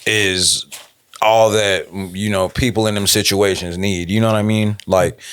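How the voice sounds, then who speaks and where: A man's voice: fairly low pitch, fairly even intonation, a little slow, a bit bright, clean tone. A man guesting on a podcast, telling a personal story in a laid-back way with lots of fillers. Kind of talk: casual interview talk.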